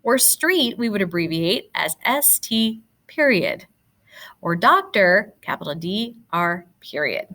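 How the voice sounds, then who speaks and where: Woman teacher, patient and encouraging, animated pitch, walks kids through answers. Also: slow pace. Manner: patient, encouraging, explaining step by step. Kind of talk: recorded classroom lesson.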